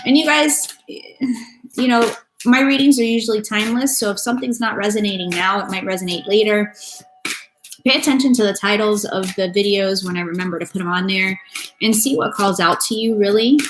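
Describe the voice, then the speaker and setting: A woman's voice: medium pitch, brisk. A woman giving a loose, chatty live-stream tarot reading, swearing casually and greeting viewers by name. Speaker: tarot reader. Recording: echoey room with faint noise.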